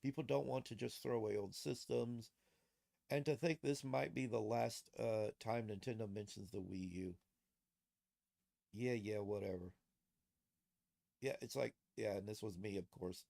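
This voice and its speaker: A man's voice: on the low side, a little slow, vocal fry, pauses often, mellow. A man streaming late at night, reacting to posts in loose, profane commentary and laughing often at his own jokes. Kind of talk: casual livestream commentary.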